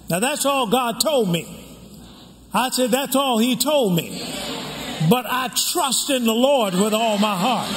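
An older man preaching a sermon as pastor, drawing the congregation in with call-and-response questions. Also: very high-pitched. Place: church sanctuary. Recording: echoey hall with background noise.

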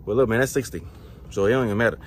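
A young man talks to his followers between sets in a parking lot, his voice pitched a little low and winded from the effort. His talk is loose and slangy and wanders as he pokes fun at himself, with a faint hum of the outdoors behind him. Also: rapid-fire. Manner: slangy, rambling, laughs at himself. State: out of breath. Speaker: truck driver vlogger. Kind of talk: casual workout vlog chat.

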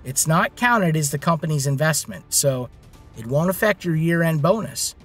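A stern female boss, voiced by a male narrator, firm and serious, her voice set somewhat high. She keeps her staff in line as in a spoken storybook, with faint music in the background. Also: animated, moderate pace, a bit bright.

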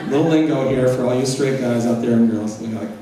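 A man's voice: mid-range voice, brisk, far from the mic, noisy background. Man lecturing in an echoey hall. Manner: candid, with humor. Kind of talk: personal storytelling lecture.

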